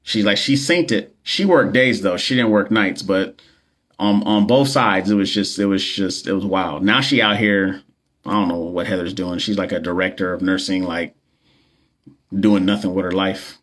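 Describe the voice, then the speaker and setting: A man with a low, fairly bright voice talks at a normal speed during a casual phone livestream; he works as a nurse and coach. Slang, jokes, fillers and repeats run all through his loose chatter with viewers.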